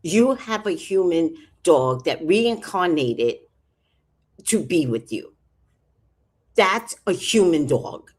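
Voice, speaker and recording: A woman's voice: fairly low pitch, sing-song, slow pace, long pauses, breathy edge. A woman chatting casually on a livestream, reading out comments with rambling, profane asides and jokes. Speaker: vlogger.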